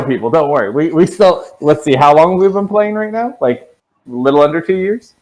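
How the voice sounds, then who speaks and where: A man's voice: a little high, lively intonation, a little fast, a little mellow, poor audio. A young man running a tabletop game as dungeon master, joking with his players.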